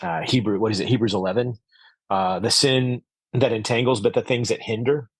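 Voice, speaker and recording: This man has a husky, medium-pitched voice, speaks fairly quickly, and is recorded dry. He's an orchard owner guesting on a conversational podcast interview, reflective and earnest, frequently filling pauses and restarting thoughts.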